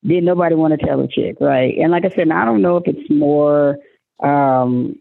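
A woman from Oklahoma telling a story in slangy, animated casual chat, acting out quotes in a high voice. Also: normal speed, gravelly, dry recording. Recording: dry phone-like line.

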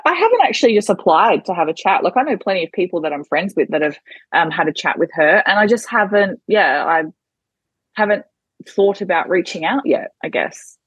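Giggly Australian woman, low husky voice. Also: no room sound. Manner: chatty, giggly, self-deprecating. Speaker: podcast guest. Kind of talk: casual interview chat.

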